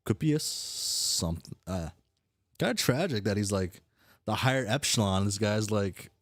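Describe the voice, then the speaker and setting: A young man reading a webcomic aloud and commenting in a rambling, halting, self-deprecating way, swearing freely. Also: on the low side, lively intonation, no room sound, studio quality. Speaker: webcomic reaction reader.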